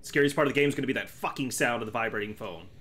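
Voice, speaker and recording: A man's voice: mid-range voice, very fast. A man hosting a live game stream, joking and mocking himself as he plays. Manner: jokey, animated, self-mocking.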